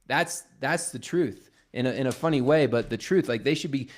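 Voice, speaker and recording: A man's voice: medium pitch, moderate pace. Joking man on a casual livestream. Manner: joking, retells calls in quoted voices. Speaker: real estate team leader.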